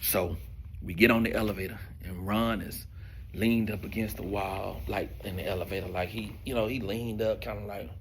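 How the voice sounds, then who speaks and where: A man telling a profane stand-up comedy story, swinging between loud bursts and hushed asides. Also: fairly low pitch, normal speed, a little hiss or hum. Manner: profane, animated storytelling with sudden volume drops.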